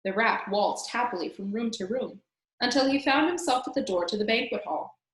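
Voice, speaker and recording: A woman reading a children's novel aloud in an expressive way, speaking directly to the listener as "reader". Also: on the high side, moderate pace. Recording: roomy echo.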